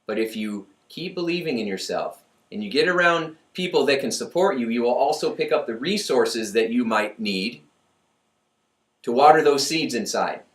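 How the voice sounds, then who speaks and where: A man giving a motivational talk in a chatty, animated way, laughing at his own jokes. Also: medium pitch, moderate pace. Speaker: motivational speaker. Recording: echoey room, voice from far off.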